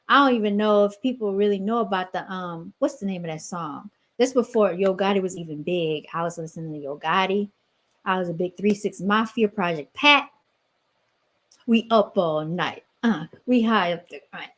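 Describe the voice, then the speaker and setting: A woman's voice: mid-range voice, a bit bright. A woman in her thirties hosting a podcast, chatting casually and telling stories straight to her listeners. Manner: chatty storytelling, keeps addressing listeners as y'all. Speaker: podcast host.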